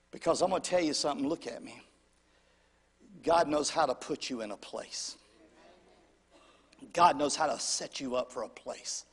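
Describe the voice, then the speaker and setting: Husky-voiced preacher man in an echoing hall. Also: on the high side, expressive, normal speed. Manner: dramatic swings from shouting to whispering, calls to the congregation. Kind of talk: storytelling sermon.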